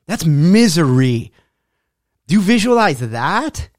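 Man, fitness coach, blunt, preachy, slightly high voice, dry close sound. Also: animated, normal speed, no echo. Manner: blunt, preachy, mocks excuses in quoted voices. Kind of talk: motivational monologue.

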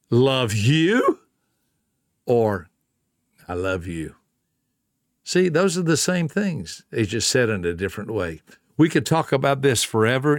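A middle-aged man, giving a folksy motivational talk. He tells stories, repeats words for emphasis and drops into soft, low tones. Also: dry recording, clean studio sound. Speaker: speaker on a self-help talk.

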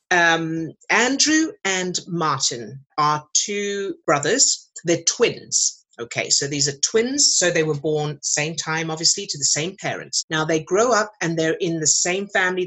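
A woman's voice: deep voice, sharp tone, husky, low-quality recording. A woman, a mindset coach, explaining her ideas through a step-by-step story in a podcast interview. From outside America, British English usage.

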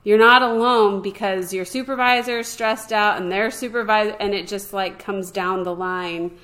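A woman's voice: medium pitch, steady tone, moderate pace, fairly bright tone. Easygoing woman podcast co-host. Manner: easygoing, laughs often. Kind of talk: casual conversational chat.

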